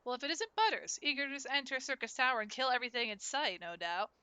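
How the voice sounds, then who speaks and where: A woman reading male game characters' dialogue aloud in a plain, unhurried voice. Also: high-pitched, lively intonation, sharp tone, smooth, no echo, pitched above the performer's own voice. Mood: matter-of-fact.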